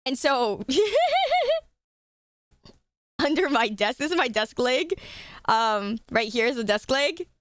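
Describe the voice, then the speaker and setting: A woman's voice: fairly high pitch, expressive, slow, long pauses, fairly bright tone, no echo, studio quality. A woman streaming live, chatting casually and giggling often, with a casual habit of swearing.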